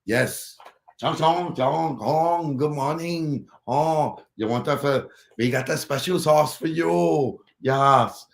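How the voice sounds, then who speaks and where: A man's voice: on the high side, slow, creaky. A man putting on a sly restaurant worker who sounds sweet but is two-faced. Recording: roomy echo.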